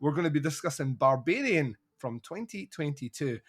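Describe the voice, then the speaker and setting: A man's voice: on the high side, moderate pace, husky. A man hosting a film podcast, chatting casually, swearing and acting out film scenes. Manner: swearing, animated, acts out scenes. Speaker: podcast host.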